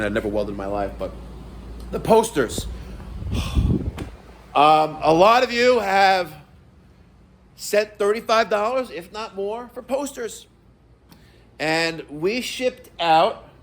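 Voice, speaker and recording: Animated swearing New man ranting. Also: a little high, slight background noise. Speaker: vlogger. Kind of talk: casual rant to camera.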